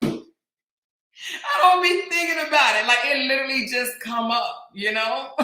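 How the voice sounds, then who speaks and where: A woman's voice: high-pitched, slow, slight background noise. A woman hosting a casual livestream chat, reading viewer comments and laughing often. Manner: animated, laughs often, drawling exclamations. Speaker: talk show host. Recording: echoey room.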